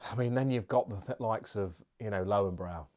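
A man's voice: on the low side, brisk, darkish tone. A man reviewing beer and snacks in a casual, chatty, jokey vlog with rambling asides.

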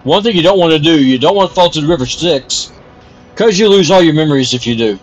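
A man's voice: fairly high pitch, animated, fast, dull audio, faint music behind. A man casually commenting on his gameplay stream while coughing often and apologizing for it. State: coughing repeatedly.

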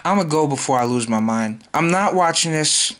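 A man's voice: on the high side, expressive, normal speed, fairly bright tone. A man ranting in a vlog, exasperated and repeating himself as he vows to boycott a movie. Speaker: YouTuber.

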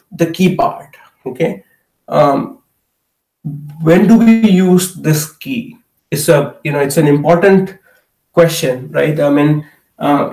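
Man, Hindi teacher, slightly high voice, echoey room, sits away from the mic, chatty explanations full of fillers. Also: darkish tone, far from the mic. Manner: explains with many fillers and okay checks. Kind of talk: live online language class.

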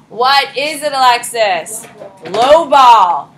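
A woman's voice: medium pitch, moderate pace, slight background noise, low-quality recording. A woman in her thirties, a teacher giving a chatty classroom lecture and quizzing her students. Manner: lively, chatty, asks the class questions.

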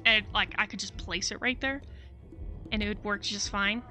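A woman's voice: mid-range voice, steady tone, normal speed, bright, forceful tone, faint music behind. A young woman giving let's-play commentary, frustrated, cursing and talking to the game as she plays. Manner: frustrated, swears often, talks to the game. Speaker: gaming video creator.

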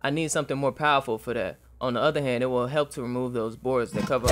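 A man's voice: a little high, lively intonation, fast talker, hardly any pauses, music in the background. A young man giving casual, profane, jokey gameplay commentary. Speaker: gaming streamer.

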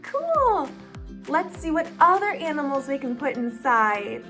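A young woman hosting a children's learning video, talking in a slow, exaggerated, encouraging sing-song for toddlers. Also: sits high, lively intonation, pushed and bright, faint music behind. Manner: exaggerated, encouraging, drawn-out words. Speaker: children's educational video host.

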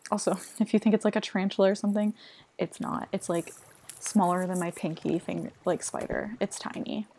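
A woman's voice: medium pitch, fairly even intonation, brisk, vocal fry, darkish tone, husky. A young woman chatting casually as she plays a game, self-mocking and full of filler words. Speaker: gaming vlogger. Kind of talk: casual gameplay commentary. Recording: noisy home recording.

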